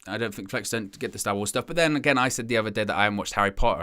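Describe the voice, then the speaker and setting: A man hosts a fan channel stream, rambling casually while reading out viewer comments. His low-leaning voice is bright, animated, clear, and resonant, and he talks at a racing pace. Now and then he slips into little imagined voices of other fans.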